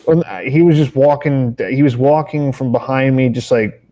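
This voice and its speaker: A man co-hosting a podcast, chatting casually at a middle pitch. He rambles through his stories, swears freely and keeps breaking off to restart his sentences. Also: steady tone, normal speed, mellow, muffled recording. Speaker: podcast co-host. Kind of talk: casual chat.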